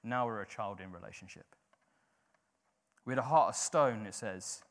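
A man's voice: fairly low pitch, moderate pace. A man preaching a sermon in an informal, conversational way, often filling with "like".

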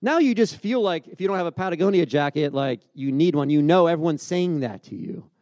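A man's voice: fairly high pitch, lively intonation, fairly quick, darkish tone, dry recording, studio quality. A man in his forties giving a sermon in a casual, storytelling way, often restarting his sentences. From grew up by the beach. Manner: conversational, storytelling with many restarts. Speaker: pastor.

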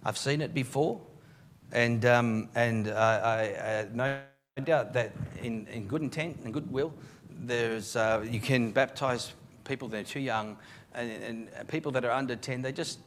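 A man, a pastor preaching a live sermon in church, telling the story with emphatic, animated delivery and frequent restarts. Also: medium pitch, a little slow, slight background noise. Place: church service.

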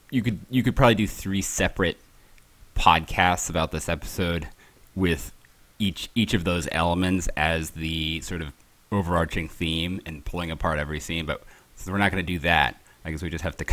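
A man's voice: low voice, fairly even intonation, normal speed, fairly bright tone. A man co-hosting a podcast, talking in a rambling, hesitant way and laughing often. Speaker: podcast co-host. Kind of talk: casual podcast chat.

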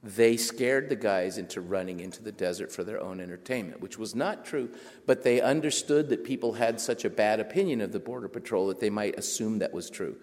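A man, an author, telling an animated, self-mocking story to a live audience and acting out the other voices, recorded in an echoey hall. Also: fairly low pitch, a little fast. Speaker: author giving a talk.

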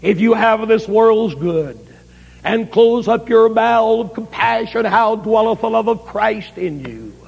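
A man's voice: high voice, expressive, measured pace, vocal fry, breathy edge, highs cut off, heavily acted. A man preaching a sermon voices a young missionary wife who tells her husband, through tears, how she prayed for help. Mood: tearful. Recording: reverberant 1970s camp meeting recording.

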